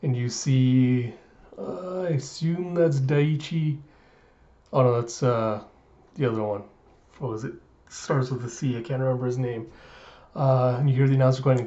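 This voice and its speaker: A man recapping a comic chapter in casual chat, rambling and hesitant with many pauses. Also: medium pitch, mellow, highs cut off. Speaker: manga reviewer.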